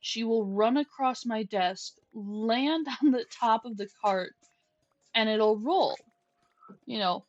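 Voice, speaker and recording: A young woman speaks slowly in a voice that sits a little high, with no room sound, while casually chatting during a game stream. She rambles through stories with frequent restarts and coos softly at her pet. Faint music plays under her dull lo-fi stream mic.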